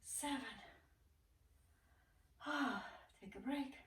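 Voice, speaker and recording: A woman's voice: sits high, very slow, fairly bright tone. A woman leading a home workout as a fitness instructor, calling out counts with short cues. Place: room at home. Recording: echoey room, distant mic, faint noise.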